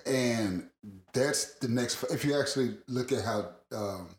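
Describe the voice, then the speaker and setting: A man's voice: medium pitch, a little slow, reverberant. A man telling a long rambling story in casual podcast chat, laughing often and swearing freely. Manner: rambling, laughing, profane, animated.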